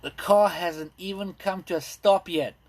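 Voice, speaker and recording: A man in his thirties doing a rambling, self-deprecating stand-up set, full of ums and pauses. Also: high-pitched. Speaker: stand-up comedian. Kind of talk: stand-up set streamed live. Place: indoors at home.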